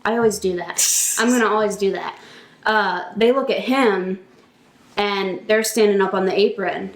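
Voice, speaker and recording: A woman's voice: medium pitch, moderate pace. Chatty young woman in an echoey room. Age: 20s. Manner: excitable, chatty fan. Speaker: podcast co-host. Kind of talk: casual chat.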